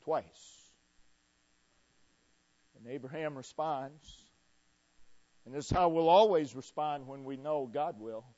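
A man preaching a sermon emphatically, swinging between loud declarations and hushed repeated refrains. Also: mid-range voice, slow, pauses often, lo-fi sound.

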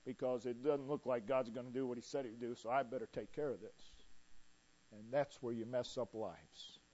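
A man preaching a sermon emphatically, swinging between loud declarations and hushed repeated refrains. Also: mid-range voice, moderate pace, highs cut off.

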